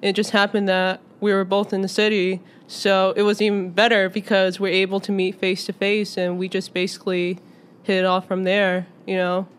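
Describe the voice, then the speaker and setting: A woman's voice: medium pitch, completely flat delivery, normal speed, clean tone. A woman writer answering interview questions hesitantly, with many ums. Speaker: writer and guest.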